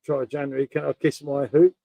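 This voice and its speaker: A man's voice: medium pitch, little pitch movement, brisk, creaky, warm tone, no echo, poor audio. A man hosting a casual beer-tasting live stream, rambling and matey as he chats to his viewers.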